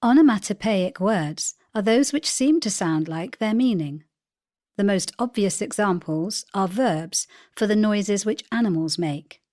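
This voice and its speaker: A woman's voice: mid-range voice, lively intonation, measured pace, a little mellow. A woman reading single vocabulary words and short explanations for a course, carefully articulated. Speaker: audio narrator for a vocabulary course. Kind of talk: scripted instructional reading.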